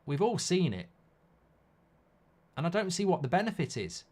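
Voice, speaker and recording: A man's voice: high-pitched, big pitch swings, normal speed, darkish tone. Blunt man hosting a football watchalong. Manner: casual and blunt, reads out viewer comments, swears. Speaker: host. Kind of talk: live football watchalong commentary.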